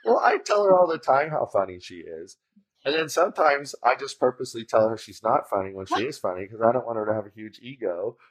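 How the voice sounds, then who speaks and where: A man's voice: medium pitch, animated, fast talker, breathy edge. A man hosting a casual chat who rambles and teases. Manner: teasing, rambling. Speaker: host.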